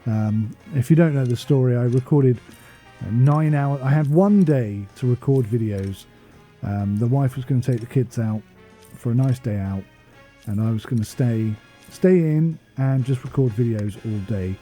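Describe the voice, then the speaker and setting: Husky, dark-voiced English man. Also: mid-range voice, moderate pace, faint music behind. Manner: rambling, goes off on tangents; chatty and self-deprecating. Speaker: gaming channel host. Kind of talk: casual gameplay commentary voice-over.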